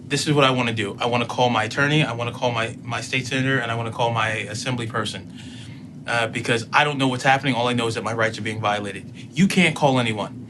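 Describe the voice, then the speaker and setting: A man's voice: mid-range voice, fairly bright tone, slight background noise. A middle-aged man telling a personal story in casual speech, acting out both sides of a conversation.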